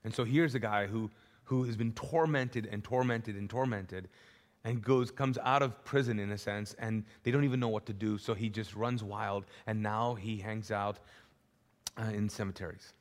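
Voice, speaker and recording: A male pastor preaching a sermon live in a large church, with animated, repetitive storytelling. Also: on the low side, normal speed. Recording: live church hall with long reverb.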